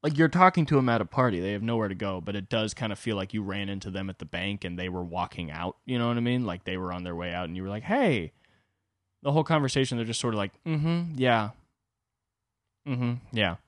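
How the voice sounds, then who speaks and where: A man's voice: lowish voice, very fast, hardly any pauses, no echo, studio quality. A young man hosting a solo podcast, rambling through a self-deprecating comedic monologue and acting out the voices of the people in his stories. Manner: self-deprecating, animated, acts out quoted voices. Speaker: podcast host.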